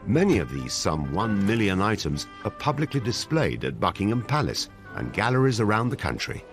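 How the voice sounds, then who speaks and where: A man narrating a documentary in a measured, dramatic scripted delivery. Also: on the low side, big pitch swings. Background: music.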